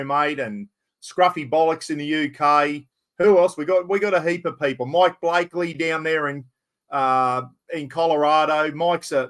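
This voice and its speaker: An Australian man with a fairly high voice hosts a casual livestream. He chats easily and calls everyone mate, moving from one topic to the next. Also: fairly bright tone. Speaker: host. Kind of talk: casual live-stream chat.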